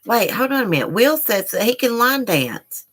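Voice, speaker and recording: A woman's voice: a little high, sing-song, normal speed, fairly bright tone. A woman hosting a live stream from home, chatting casually and rambling while she talks to her viewers as y'all. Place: indoors at home.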